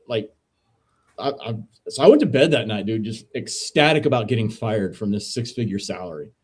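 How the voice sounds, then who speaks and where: A man, a veteran and podcast co-host, casually telling a story as a guest in a relaxed, profane, dude-heavy way. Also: fairly low pitch, brisk, husky, soft background music. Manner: laid-back, profane, says dude a lot.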